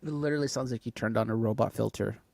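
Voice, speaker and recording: A man co-hosting a casual podcast chat, joking and laughing often in quick bursts. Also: mid-range voice, vocal fry, a little mellow, no room sound. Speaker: podcast co-host.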